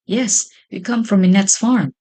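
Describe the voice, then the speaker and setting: A very stout, jolly cabbage, out of breath and puffing out her words in a raised, bright voice, as a woman storyteller puts her on. She sounds hearty and chatty, a storybook character. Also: mid-range voice, a little slow, lightly acted.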